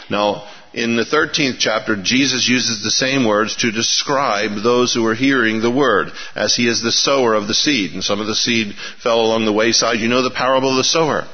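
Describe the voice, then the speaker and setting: A man's voice: medium pitch, steady tone, normal speed, hardly any pauses. A man preaching a sermon in a folksy way, asking his listeners rhetorical questions. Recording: reverberant hall, dull lo-fi sound.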